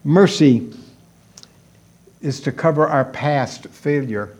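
A man's voice: fairly high pitch, takes it slowly, a little mellow. A man preaching a sermon, emphatic and repeating key words for stress.

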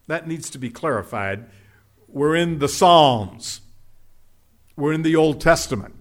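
A man preaching a sermon, explaining scripture verse by verse with emphatic repetition and dramatic drops in volume. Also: on the high side. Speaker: pastor.

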